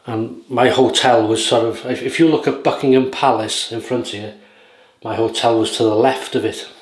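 This man talks as he shaves, his medium-pitched voice fairly even and moderately paced. A shaving vlogger, he drifts through anecdotes, chuckling and frequently losing track, captured in a roomy recording with a little faint noise.

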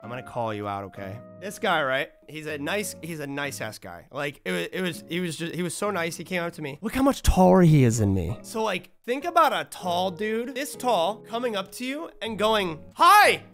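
An excitable man chats through a game stream, swearing freely and letting out sudden shouts. His pitch leaps around in a lively way, with soft music running underneath him. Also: brisk, hardly any pauses. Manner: mimics other people in anecdotes. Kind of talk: casual gaming stream chat.

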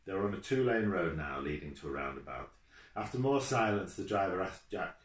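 A man reads his own children's book aloud in a steady, measured way. His voice sits low and deep. The sound rings in an echoey room at home, caught on a home video camera. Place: room at home, with his dog beside him.

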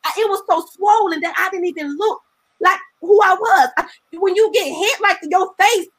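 A woman's voice: very high voice, normal speed, a bit bright. A woman evangelist, a guest on the show, telling her personal testimony in an earnest, emotional, colloquial storytelling way.

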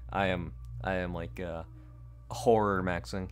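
A man giving casual, jokey let's-play commentary on a horror game, reacting quickly with nervous laughter. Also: deep voice, level tone. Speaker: gamer playing a horror game.

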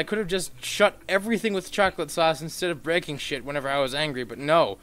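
A man giving gameplay commentary, swearing freely and swinging into mock-outraged rants and sudden shouts. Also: on the high side, fast talker.

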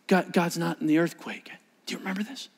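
High-voiced, animated male preacher. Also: a little fast, slightly rough. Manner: animated storytelling, swinging from loud emphasis to hushed asides. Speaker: pastor. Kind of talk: sermon.

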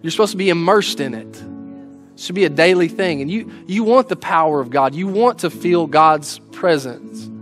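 A man's voice: a little high, animated, normal speed, a bit bright, faint music behind. A man preaching a sermon in an earnest, folksy way, restarting his words as he goes. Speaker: pastor. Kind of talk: sermon with closing prayer.

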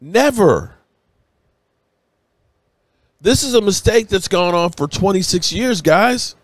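A man's voice: high-pitched, normal speed, no echo. Emotional, tipsy man ranting on a stream. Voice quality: rambling, emphatic, swearing. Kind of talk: emotional live-stream commentary.

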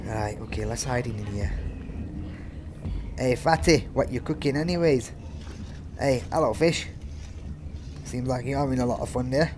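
A man giving casual live commentary on a horror game, swearing freely and talking to the characters on screen, yelling when chased. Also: mid-range voice, measured pace, long pauses, background noise. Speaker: gameplay commentator.

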